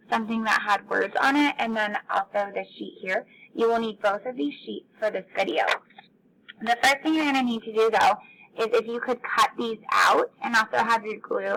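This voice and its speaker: A woman teacher giving a phonics lesson to young children, stretching out words slowly. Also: medium pitch, vocal fry, sharp tone, poor audio.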